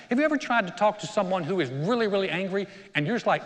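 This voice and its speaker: Pastor with a higher voice in a reverberant church hall. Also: male voice, very animated, brisk, hardly any pauses. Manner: conversational storytelling, acts out quotes. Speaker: senior pastor. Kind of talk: sermon. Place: church auditorium.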